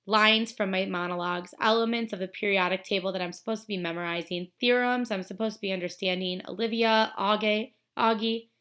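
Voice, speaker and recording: A woman teacher reading a novel aloud to students in a steady, expressive storytelling manner. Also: mid-range voice, fairly quick, few pauses.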